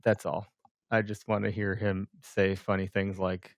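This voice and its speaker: Rambling podcast host, dry close sound. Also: male voice, fairly low pitch, little pitch movement, unhurried, vocal fry, no echo. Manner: rambling, swears casually, restarts often. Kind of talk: casual podcast chat. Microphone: studio mic, call software.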